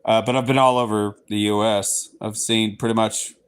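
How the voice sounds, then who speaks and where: A livestream host from Southeast Texas chats casually with his viewers in a Texan accent. His lowish voice is clear and resonant, delivered flatly at a normal speed, though he plays around by slipping into goofy voices.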